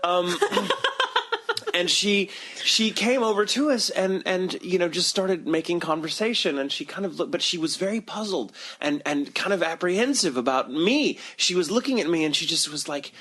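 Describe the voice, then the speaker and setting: A man co-hosting a podcast, telling a long story in a casual, animated way and swearing freely. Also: high-pitched, normal speed. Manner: animated, profane and full of voices. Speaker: podcast co-host.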